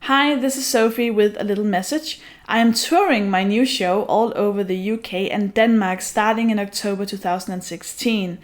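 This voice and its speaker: A woman comedian giving a casual, relaxed spoken message, pausing with fillers. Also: medium pitch. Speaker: podcast co-host and comedian. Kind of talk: casual announcement.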